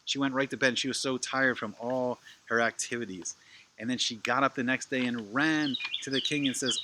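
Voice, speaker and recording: A man narrating a children's story with animated, playful asides to his listeners. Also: mid-range voice, brisk, noisy background.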